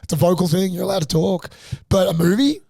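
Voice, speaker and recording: A man's voice: sits high, fast, vocal fry, husky, dry recording, clean studio sound. A young man, ranting through a funny story on a casual podcast, swearing constantly. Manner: animated, profane ranting storyteller. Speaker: podcast co-host.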